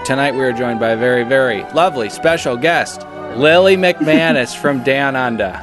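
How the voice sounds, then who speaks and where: A man's voice: medium pitch, normal speed, over music. A young man hosting a podcast, joking and rambling loosely. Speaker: podcast host. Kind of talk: casual chat.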